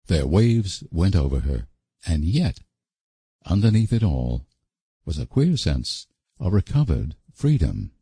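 A man narrates a novel in a measured, expressive way. His voice is low, dark and a little husky, moving widely in pitch. The sound is close and dry. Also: no echo. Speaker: audiobook narrator. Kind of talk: scripted narration.

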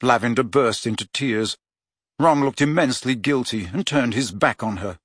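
A man reading a children's novel aloud as an audiobook narrator, in a measured storytelling manner. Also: mid-range voice, fairly bright tone, slightly rough, no echo, studio quality. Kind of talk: scripted narration.

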